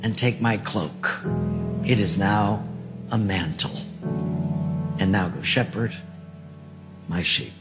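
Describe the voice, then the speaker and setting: A male preacher voicing God as a patient, fatherly figure who speaks in soft, firm commands, in a sermon story. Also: fairly low pitch, takes it slowly, pauses often, big-room sound, loud music behind the voice, voice pushed down. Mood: tender.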